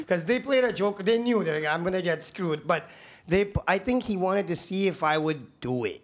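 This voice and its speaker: Animated swearing man telling a story. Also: high voice, normal speed. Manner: animated, swears freely, many restarts. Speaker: podcast guest, construction worker. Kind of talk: casual storytelling chat.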